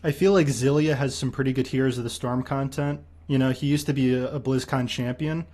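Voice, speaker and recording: A young man hosts a livestream and talks at a rapid clip. He teases his guest, firing off quick questions and slipping into playful mock lectures. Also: medium pitch, steady tone, darkish tone. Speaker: streamer host. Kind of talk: casual stream chat.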